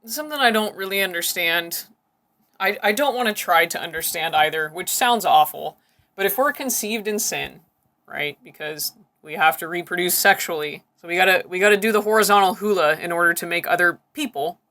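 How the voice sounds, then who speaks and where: A woman's voice: on the low side, brisk, sharp tone. A woman hosting a casual reaction commentary, swearing freely and breaking into incredulous giggles. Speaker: reaction video host.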